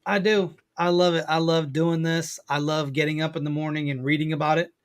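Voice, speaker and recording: A man's voice: on the high side, little pitch movement, a little fast, clean tone. A man talking as a podcast guest in casual chat, enthusiastic and given to repeating himself.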